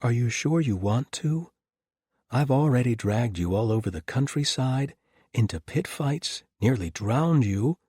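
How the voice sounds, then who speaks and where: A man voicing an earnest, tender young nun in an audiobook, raising and softening his voice for her. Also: medium pitch, lively intonation, measured pace, husky, dry recording, clean studio sound, pitched above the performer's own voice.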